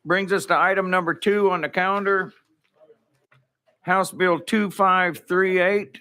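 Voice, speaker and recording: A man chairing a legislative committee hearing, calling motions and votes in a brisk, businesslike way in a hearing room. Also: high voice, fairly even intonation, bright, forceful tone, clean tone.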